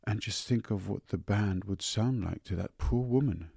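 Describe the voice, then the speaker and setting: A man's voice: lowish voice, normal speed, vocal fry, mellow, slightly rough, no room sound, clean studio sound. A man voicing a sensitive young woman who pleads in a raised, upset voice. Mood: pleading.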